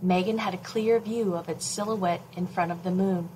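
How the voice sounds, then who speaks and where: A woman librarian reading a chapter of a children's novel aloud in a slow, expressive storytelling voice. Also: lowish voice, slight background noise, poor audio.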